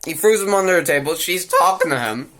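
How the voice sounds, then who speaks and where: A young man rants his way through an anime recap in a casual, mocking voice. His tone is bright and forceful, and he loops back on phrases as he goes. He is crude and laughing at the show rather than reviewing it seriously. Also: high voice, animated, brisk.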